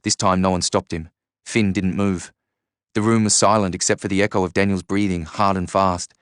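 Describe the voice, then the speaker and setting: A man reading a first-person novel aloud in a steady, measured way. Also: deep voice, clean tone, no room sound, clean studio sound. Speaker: audiobook narrator.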